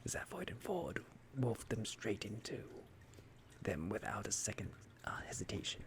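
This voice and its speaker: Male ASMR storyteller: low, gravelly, whispered bedtime reading, varied melody. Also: big pitch swings, measured pace. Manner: soft, whispered bedtime narration.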